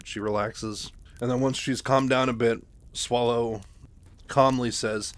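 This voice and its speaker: A man's voice: medium pitch, steady tone, a little slow. A man casually retelling a novel, loose and full of fillers. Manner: loose, filler-heavy, lots of "like". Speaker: book retelling host.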